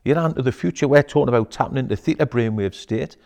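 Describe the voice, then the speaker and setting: A man talking as an interview guest in a wellness centre. He is animated and quick to swear, peppering his talk with "aye" and "mate.". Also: medium pitch, gravelly. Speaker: guest, emotional intelligence coach. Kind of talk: casual interview chat.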